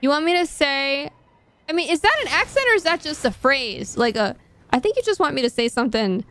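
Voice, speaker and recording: A woman with a somewhat high voice, chatting away as she streams a game. She thinks out loud and pokes fun at her own mistakes in an easy, offhand way. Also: sing-song, brisk. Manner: chatty, self-mocking, thinks aloud. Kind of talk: casual gaming stream chat.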